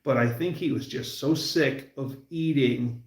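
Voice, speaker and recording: A man's voice: mid-range voice, roomy sound. A man hosting a livestream, chatting casually and rambling through stories. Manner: rambling, storytelling, puts on quick voices for quotes. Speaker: livestream host.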